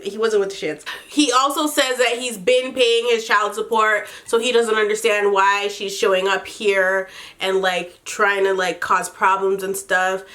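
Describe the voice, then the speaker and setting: A young adult woman hosting a casual comedic recap, sassy and animated, laughing often between lines. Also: medium pitch. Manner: laughs often, sassy and animated, does quick mock voices. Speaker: podcast host recapping a reality show.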